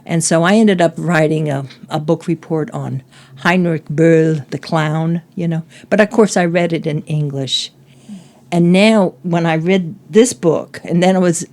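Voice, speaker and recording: Older woman, low voice, chatty guest who acts out quotes and laughs easily. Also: unhurried, darkish tone. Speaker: guest, host's mother. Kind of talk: casual book discussion.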